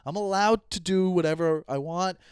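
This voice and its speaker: Fired-up man ranting, high voice. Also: moderate pace, clean tone, dry recording, studio quality. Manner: profane, heated ranting, swings loud to muttered. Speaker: comedian podcast host. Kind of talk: solo podcast rant. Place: Los Angeles.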